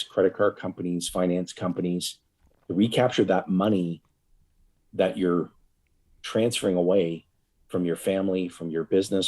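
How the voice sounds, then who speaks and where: Husky low-voiced man, earnest guest. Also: a little mellow. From Canada. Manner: earnest, reflective explaining. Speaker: guest, financial coach. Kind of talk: podcast interview.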